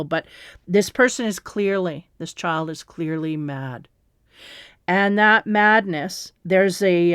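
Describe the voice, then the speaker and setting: A woman giving a spiritual tarot reading in a slow, meandering, reassuring way, with fillers and soft laughs. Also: medium pitch, clean tone, dry recording, studio quality. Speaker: tarot reader.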